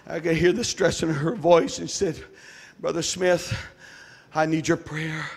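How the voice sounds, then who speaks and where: A man preaching a sermon as pastor, shouting his lines with a rhythmic "uh" between phrases. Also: a little high, flat delivery, unhurried, husky. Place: church.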